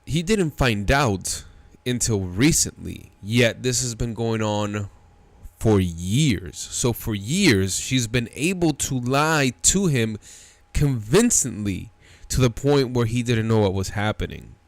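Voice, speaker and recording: A man's voice: medium pitch, animated, slow pace, no echo. A man hosting a reaction show, giving blunt, incredulous commentary on a played clip.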